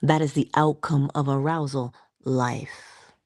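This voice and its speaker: A woman's voice: low-pitched, a little slow, darkish tone, no room sound, studio quality. A woman hosting a live morning inspirational talk, speaking earnestly and emphatically and repeating her key words. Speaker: host of a morning inspirational livestream.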